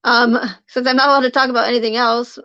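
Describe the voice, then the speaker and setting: A woman with a fairly high but flat voice and a lot of gravelly fry, chatting casually to her live stream viewers. She rambles, restarts her sentences and leans on fillers. The audio is dull and lo-fi. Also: quick pace, dry recording. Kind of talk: casual livestream chat to viewers.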